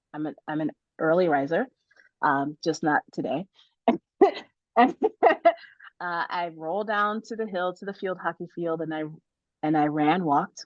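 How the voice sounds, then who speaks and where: Middle-aged woman, lowish voice, animated storytelling, laughs a lot, dry dull-sounding recording. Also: no room sound. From United States. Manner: animated, laughs often, many restarts. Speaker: author guest. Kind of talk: casual interview storytelling.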